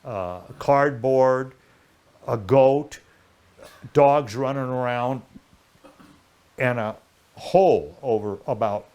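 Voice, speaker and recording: An older man spins a long tale in casual conversation. His voice sits at an ordinary middle pitch, and he rambles, breaking off and restarting sentences as the story carries him along. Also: slow, long pauses, darkish tone, dull audio. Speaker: interview guest.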